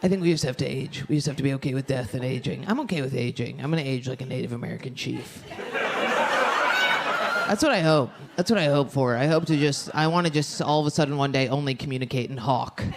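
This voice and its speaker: A woman's voice: rumbling low, fast talker. Young woman doing crude stand-up crowd work, live club, noisy room with laughs. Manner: brash, crude, chatty with the audience. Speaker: stand-up comedian. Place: comedy club stage. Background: audience laughter.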